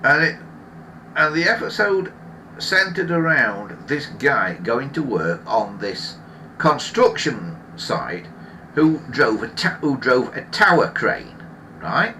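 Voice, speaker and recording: A man's voice: medium pitch, big pitch swings, slow, bright, forceful tone, slight background noise. Grumbling man ranting. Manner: opinionated, grumbling rant; rambling with frequent restarts. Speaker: live stream host. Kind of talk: casual live-stream chat.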